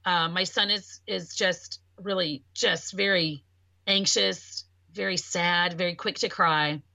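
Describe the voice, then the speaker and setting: A woman speaks in a bright, clear voice in casual podcast conversation. She tells her own story in an animated way and acts out the people she quotes. The sound is close and dry. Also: fairly low pitch, slow pace, no echo. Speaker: podcast talker.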